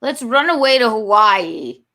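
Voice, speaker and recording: Bright-toned, brash woman podcast host chatting casually. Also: on the high side, lively intonation, unhurried. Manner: brash, swears freely. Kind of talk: casual chat.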